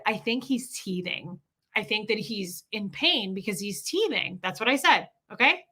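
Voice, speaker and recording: Animated, bright-voiced woman telling stories. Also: fairly high pitch. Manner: animated, profane, acts out quoted people. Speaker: livestream host. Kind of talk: casual storytelling to a live chat.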